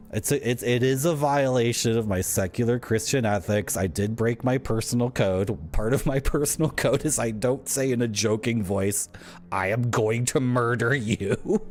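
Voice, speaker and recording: A man's voice: medium pitch, a little mellow. A man streaming a game, telling a rambling, wry story as he plays. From Southern Ontario, Canada. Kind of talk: casual gameplay commentary. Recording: faint music behind.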